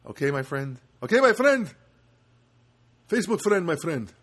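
Man doing blunt Armenian guy, high, sing-song, dismissive. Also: very animated, normal speed, fairly bright tone, breathy edge, full character voice.

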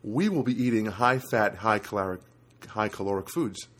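A man's voice: on the low side, moderate pace, a bit bright. A middle-aged man from New Jersey hosting a casual solo podcast from his apartment, rambling and interrupting himself as he tells stories. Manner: rambling, self-interrupting storyteller. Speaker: podcast host. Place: studio apartment.

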